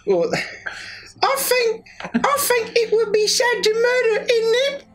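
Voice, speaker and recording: A man puts on a gentle female owl companion with an English accent, pitched far above his own voice. She pleads softly and earnestly for peace in a tabletop game. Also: slow, a little hiss or hum, exaggerated voice.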